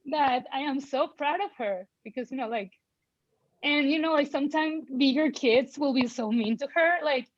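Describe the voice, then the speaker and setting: A woman's voice: high-pitched, moderate pace, no echo, muffled recording. Outspoken woman sharing a parent's story. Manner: outspoken, animated, full of fillers and voiced quotes. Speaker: parent panelist. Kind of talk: personal storytelling in a panel conversation.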